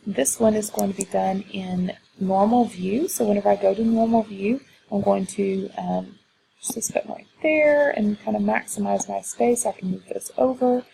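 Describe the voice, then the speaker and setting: A woman's voice: medium pitch, fairly even intonation, normal speed, creaky, dark tone, slight background noise, poor audio. A woman teacher walking through her lesson slides, explaining how she uses them, with frequent fillers. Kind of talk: screen-recorded teaching walkthrough.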